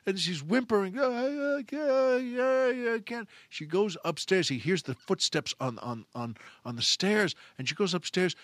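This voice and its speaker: A male show host telling a rambling, animated shaggy dog joke. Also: sits high, no echo. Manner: animated, rambling, self-correcting. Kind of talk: storytelling a joke.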